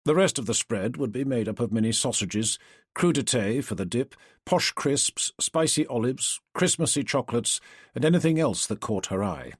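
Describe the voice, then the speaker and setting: A man reads an audiobook with expressive, measured storytelling. His voice is husky and a little breathy, and his pitch rises and falls a lot. The recording is dry and close to the mic. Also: no echo. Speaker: audiobook narrator. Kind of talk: scripted audiobook narration.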